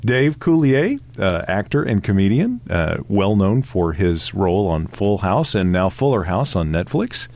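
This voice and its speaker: A man's voice: on the low side, big pitch swings, unhurried, few pauses, a little mellow. A man hosting a radio interview, asking easygoing, wry follow-up questions. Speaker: radio host.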